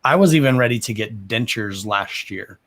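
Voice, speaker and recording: A man in his thirties with a somewhat low voice who mumbles his words. He talks in a loose, rambling, foul-mouthed way, like someone chatting live to viewers while reading cards. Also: animated, normal speed, fairly bright tone. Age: 30s. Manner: profane, rambling and self-deprecating. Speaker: card reader. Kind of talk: casual livestream chat.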